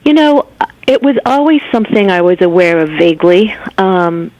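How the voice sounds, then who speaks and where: A woman author and physician being interviewed over the phone, speaking in a thoughtful, measured way. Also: on the low side, a little mellow, no echo. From United States. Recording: dry phone line.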